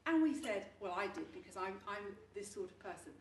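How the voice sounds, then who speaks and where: Middle-aged woman, chatty storyteller who laughs a lot, bright tone, distant mic, faint noise. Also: mid-range voice, big pitch swings, fairly quick, hardly any pauses, reverberant. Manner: chatty, laughing, restarts often. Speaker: testimonial speaker. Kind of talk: casual story-telling before an audience.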